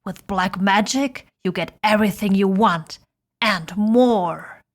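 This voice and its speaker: Woman voicing a hoarse tempting demon. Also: mid-range voice, takes it slowly, natural voice. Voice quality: slightly hoarse.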